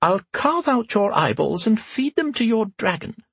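A creaky, sharp-tongued old empress who threatens as easily as she jokes. Her voice sits far above his own and comes out raspy, with a lively lilt. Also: high voice, moderate pace, dry recording, pitched above the performer's own voice, exaggerated voice. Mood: tart.

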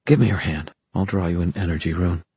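A man's voice: deep voice, fairly quick, warm tone, husky, dry recording. A man voicing a bold, loyal young woman fighter in an audiobook. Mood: teasing.

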